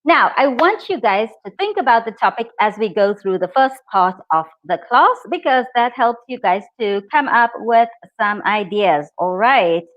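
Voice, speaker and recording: A woman's voice: a little high, animated, moderate pace, hardly any pauses. A woman teaching a live online English exam lesson, upbeat and encouraging as she talks to her viewers. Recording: dull lo-fi stream audio.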